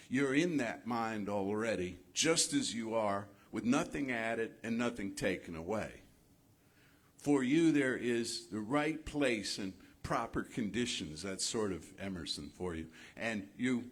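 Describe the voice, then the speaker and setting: A male minister giving a sermon in a spiritual center, asking his listeners rhetorical questions in a measured, reflective way. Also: medium pitch, fairly bright tone.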